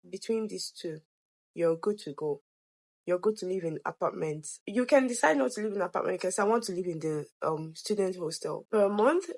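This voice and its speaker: A slightly hoarse woman, an education consultant, talking the viewer through figures in a conversational explainer video. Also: mid-range voice.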